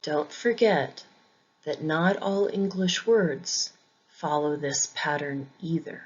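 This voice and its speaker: A woman teaching English pronunciation in a scripted lesson, saying each example word twice in a deliberate way. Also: sits low, husky, muffled recording.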